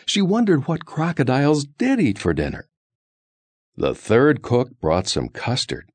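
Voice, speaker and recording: A man reading a children's story aloud in a slow, expressive, sing-song way. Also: medium pitch, breathy edge, dry recording.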